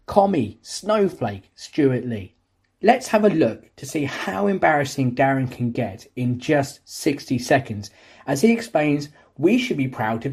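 A man's voice: on the high side, creaky, warm tone, breathy edge. A man giving casual, sardonic video commentary with swearing and chatty asides, recorded on a cheap microphone. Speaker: YouTube commentator. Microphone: cheap microphone instead of his usual one.

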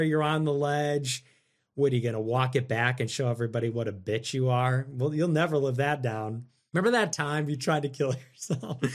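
A man hosting a livestream, reading out donations and answering them in a sarcastic, mocking way that swings from loud mimicry to low mutters. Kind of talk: casual livestream commentary.

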